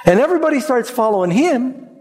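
A man's voice: extremely high pitch, sing-song, fast talker, a little mellow. A man preaching a sermon with emphasis, leading the congregation in repeating phrases. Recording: long hall reverb.

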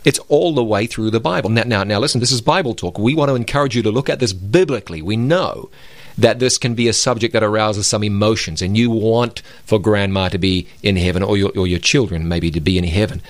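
A man's voice: lowish voice, fairly quick, dry recording. A man co-hosting a religious broadcast, speaking emphatically in a preacherly way and quoting scripture. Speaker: co-host of a Bible program.

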